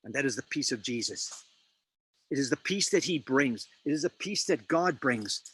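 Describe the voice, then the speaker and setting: A man preaching a sermon, dramatic and emphatic, quoting scripture with slow pauses. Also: mid-range voice, expressive, fairly bright tone, husky, rough recording.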